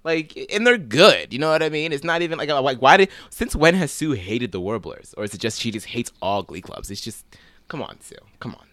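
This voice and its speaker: A man thinking out loud on a podcast, his voice rising and falling a lot as he stumbles through restarts. The sound is dry and close, with no room around it. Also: fairly high pitch, sing-song, fairly quick, few pauses, no room sound. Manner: musing and hesitant, with many restarts. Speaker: podcast co-host. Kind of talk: casual podcast chat.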